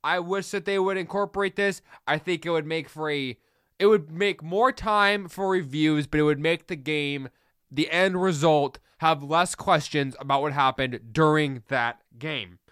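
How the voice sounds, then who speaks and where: A man's voice: fairly high pitch, unhurried, a bit bright, clear, resonant tone, dry recording, studio quality. A young man hosting a casual solo sports podcast, opinionated and ranting with heated outbursts.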